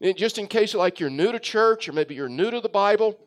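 A man's voice: high-pitched, lively intonation, fairly quick. A man preaching a sermon. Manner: storytelling with many fillers and restarts. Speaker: pastor.

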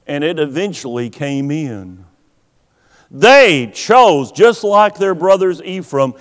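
A man preaching a sermon, asking the listeners rhetorical questions and pausing for effect. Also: sits high. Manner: rhetorical questions, dramatic pauses. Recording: long hall reverb.

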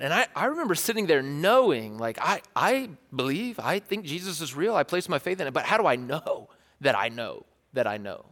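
A fairly high-voiced man in his thirties preaches with a drawl. His delivery is loose and conversational, full of jokes and repeated phrases. The sound rings with the long reverb of a large church hall. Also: very animated, fairly quick, few pauses, fairly bright tone. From East Tennessee. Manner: conversational, jokey, repeats himself. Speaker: pastor. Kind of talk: sermon.

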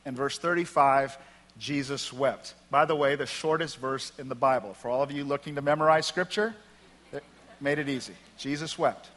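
A pastor preaches in a church sanctuary, reading scripture with emphatic delivery and tossing in wry asides. His voice is medium-pitched and fairly bright, at a normal speed. The recording has long hall reverb.

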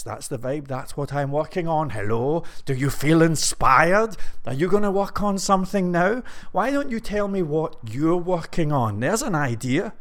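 A male web development vlogger with a medium-pitched, mid-range voice and a non-American English accent talks casually to camera in an indoor room. He's out of breath from pacing, chatty and rambling, and addresses viewers directly.

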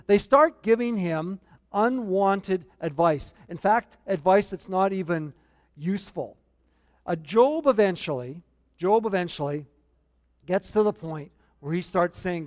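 A man's voice: sits high, animated, a little slow. A man preaching a sermon as pastor, earnest and repeating key points for emphasis. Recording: long hall reverb.

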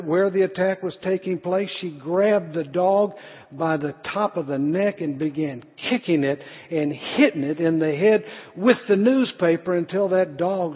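A middle-aged man delivers an earnest sermon in a fairly high, husky voice, stumbling over a word now and then as he tells a story. The sound is thin and phone-like, with a long reverb trailing behind him. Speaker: pastor.

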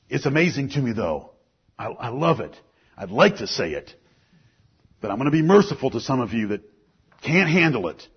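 A man preaching a sermon, emphatic, rising to loud peaks and then dropping low. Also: breathy edge. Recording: muffled lo-fi recording.

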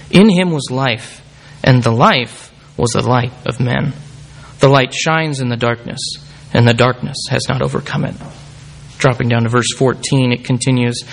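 A male preacher with a voice that sits a little high for a man delivers a sermon. He reads scripture aloud, and his voice climbs when he voices the quoted cries. He calls the congregation to come forward. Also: a bit bright.

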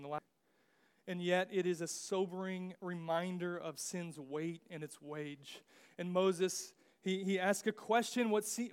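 Young male pastor, high voice, casual conversational sermon with comic asides. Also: clear, resonant tone. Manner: jokey, acts out biblical figures in slang asides.

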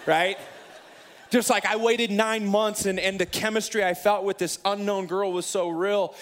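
A man in his thirties preaches with a slightly high voice and an animated, self-mocking manner. He tells a personal story from the pulpit and acts out what he once said to himself and others. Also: moderate pace, slight background noise. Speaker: pastor. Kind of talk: sermon storytelling.

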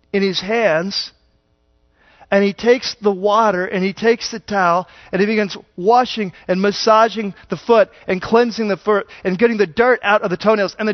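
Male pastor sermon, chatty animated storytelling, high voice, dry lo-fi sound. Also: no room sound.

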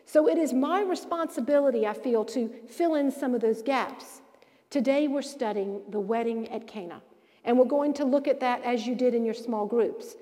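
High-voiced woman teaching Bible study. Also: normal speed. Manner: animated, emphatic storytelling with sudden rises in voice. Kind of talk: women's Bible study lesson. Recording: long hall reverb.

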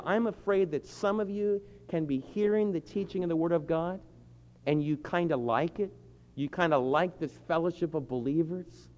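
A man preaching a sermon, earnest and pleading, slowing down to lean on key phrases. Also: fairly high pitch, darkish tone. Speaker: pastor. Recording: dull lo-fi with long hall reverb.

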